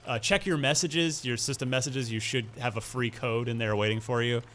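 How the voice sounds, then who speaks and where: A man's voice: mid-range voice, fairly even intonation, a little fast, fairly bright tone, a little hiss or hum. A man hosting a casual gaming podcast, chatting loosely and steering the news segment. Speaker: podcast host.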